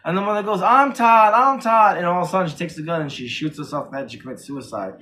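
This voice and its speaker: Excitable man retelling a horror plot. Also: a little high, racing, a little hiss or hum. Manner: excited, rambling, with many restarts and corrections. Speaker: horror movie reviewer. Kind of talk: casual chat, retelling a film plot.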